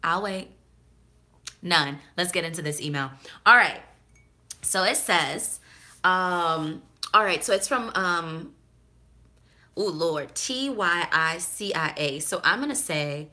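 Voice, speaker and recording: A woman hosting a casual vlog, chatting candidly and off the cuff. Her voice is bright and sharp, while her pitch sits on the low side. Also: measured pace. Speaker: host.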